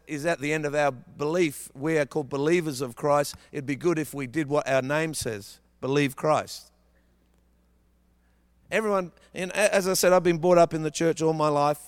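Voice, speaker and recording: A man's voice: on the high side, no echo, studio quality. A man preaching as a guest speaker, telling humorous stories from his childhood in a loose, anecdotal sermon style.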